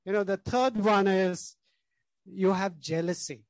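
Slow, emphatic male pastor preaching. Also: sits high, dry recording. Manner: emphatic preaching, repeats key words, frequent "you know". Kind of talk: sermon.

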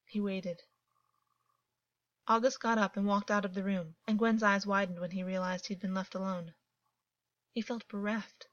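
Woman calmly narrating fiction, dull dry sound. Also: mid-range voice, normal speed, pauses often, no room sound. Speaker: audiobook narrator. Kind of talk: scripted narration.

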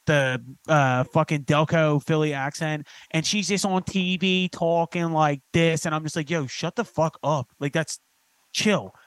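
A man's voice: fairly high pitch, measured pace, smooth, no room sound. Philly man ranting, dry close sound. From Philadelphia. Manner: animated, swears freely, mocks overdone accents. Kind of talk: casual chat.

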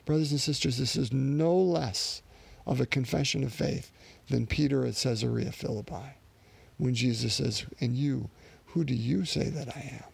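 A man preaching a sermon in an earnest, reflective way, pausing and restarting as he works through his thoughts. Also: medium pitch, gravelly, a little mellow, slightly rough.

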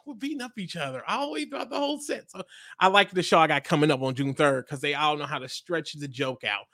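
A comedian talks through his craft in a lively storytelling manner, jumping into little character voices for his jokes. His voice sits a touch high for a man, and the recording is close and dry with no room sound. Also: dry recording. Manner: animated storyteller acting out joke voices. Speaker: comedian guest. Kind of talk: casual interview chat.

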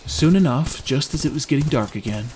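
A man narrating a fantasy audiobook in an expressive storytelling manner. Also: mid-range voice, fairly quick, slight background noise.

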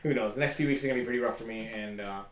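A man's voice: medium pitch, very fast, slight background noise. Rambling male podcast host, echoey room. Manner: rambling, talks at length with many fillers. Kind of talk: casual chat.

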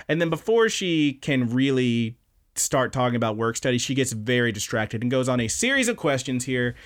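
A man hosting a podcast, casually recapping anime episodes with animated, profane storytelling. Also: mid-range voice, moderate pace. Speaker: podcast host.

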